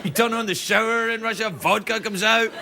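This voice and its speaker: A man's voice: high voice, steady tone, fairly quick, very noisy. A man hosting a late-night talk show, delivering a joking comedy monologue with self-mocking asides in a TV studio. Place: TV studio with a live audience. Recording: loud studio audience laughter.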